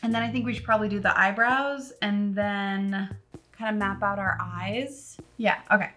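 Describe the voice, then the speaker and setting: A woman's voice: mid-range voice, steady tone, normal speed, fairly bright tone, soft background music. A young woman vlogger chatting casually through a makeup tutorial, rambling and joking at her own expense as she talks to her viewers. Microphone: camera on a tripod.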